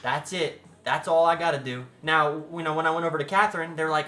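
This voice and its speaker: Excitable young man, bright voice. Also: a little high, fast talker, hardly any pauses, slight background noise. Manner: excitable, slangy, dramatic retelling. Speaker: streamer. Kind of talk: casual storytelling chat.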